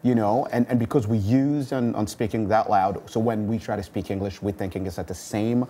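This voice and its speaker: A man with a strong Congolese French accent co-hosts a talk show. His voice is mellow and warm. He talks playfully and haltingly, with many fillers. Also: fairly low pitch, fairly even intonation. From Democratic Republic of the Congo. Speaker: co-host. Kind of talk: bilingual talk show chat.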